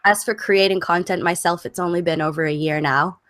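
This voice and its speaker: Low, dry-voiced Canadian woman losing her voice. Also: fairly even intonation, a bit bright, dry recording. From southern England, raised in Canada. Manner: measured, hesitant with many ums. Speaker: guest content creator. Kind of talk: casual online chat.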